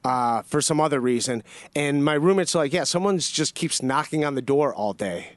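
Rambling man with a higher voice. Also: animated, no echo. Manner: rambling, halting, with many fillers and restarts. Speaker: guest telling a story. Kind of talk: casual storytelling on a comedy podcast.

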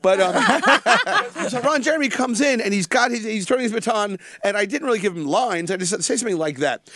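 A man's voice: very high-pitched, sing-song, fast talker, a bit bright, dry recording, clean studio sound. A man telling a long comic anecdote in casual podcast chat, acting out the people in it with quoted voices.

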